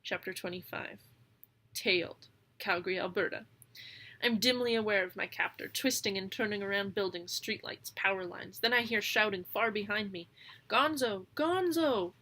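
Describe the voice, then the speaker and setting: Female reader, lively first-person storybook narration, occasional amused asides. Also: mid-range voice, moderate pace. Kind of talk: audiobook narration.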